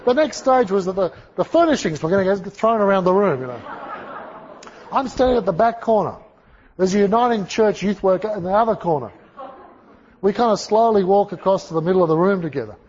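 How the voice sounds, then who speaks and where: Husky man telling a story. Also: high-pitched, brisk, a faint crowd. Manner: animated, conversational storytelling with asides. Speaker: speaker. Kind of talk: storytelling sermon. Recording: dull lo-fi recording.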